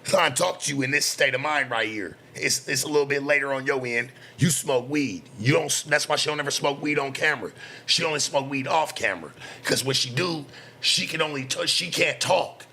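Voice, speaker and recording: Bright-voiced ranting man streamer. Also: mid-range voice, creaky, husky. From West Coast US. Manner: profane, heated, rapid-fire ranting. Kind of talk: heated reaction-stream commentary.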